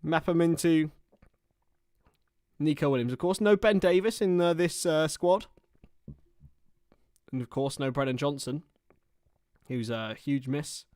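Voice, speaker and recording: A man's voice: on the high side, a little slow, pauses often, darkish tone, clear, resonant tone, no room sound, studio quality. A man doing casual football watchalong commentary on a livestream, chatting about players and answering viewers between the plays.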